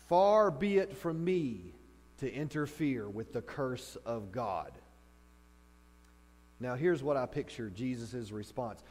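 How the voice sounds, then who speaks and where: A man delivers a sermon in a high voice that carries through a large, reverberant hall. He tells stories with animation and acts out reactions, and a faint mains hum sits under the recording. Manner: animated storytelling, acting out reactions. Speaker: pastor. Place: church hall.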